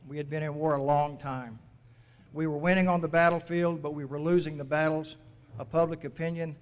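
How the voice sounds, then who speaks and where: A man in his sixties, a mayor giving a graduation address, telling folksy stories with quoted dialogue in a measured, grandfatherly way. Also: fairly high pitch. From United States. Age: 60s. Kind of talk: commencement address. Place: large graduation venue. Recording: echoey hall from a public address.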